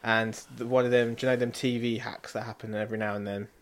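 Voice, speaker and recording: A young man with a British accent, co-hosting a casual podcast from a flat and leading with a story. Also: mid-range voice, fast. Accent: British English. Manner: laid-back, storytelling, laughs at own bad accents. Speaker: podcast co-host. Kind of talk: casual chat. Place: flat, indoors.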